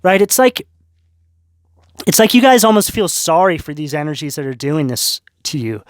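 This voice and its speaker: A man's voice: a little high, big pitch swings, moderate pace, no room sound, studio quality. A man giving a tarot reading to his viewers, talking in an earnest, spiritual way and checking in often with "right?" and "okay?". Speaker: tarot reader.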